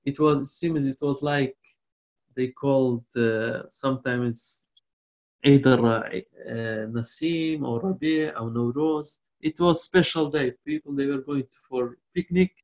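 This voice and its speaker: A man's voice: mid-range voice, a little mellow. Man teaching Quran commentary, lo-fi recording. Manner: recites Arabic verses quickly, then explains in halting English; frequent restarts and fillers. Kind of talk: explaining lecture. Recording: dull lo-fi recording.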